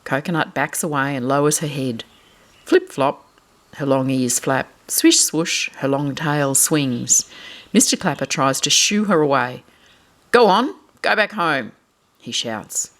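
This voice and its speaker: A woman reading a picture book aloud to children, animated and asking them questions as she goes. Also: extremely low pitch, unhurried.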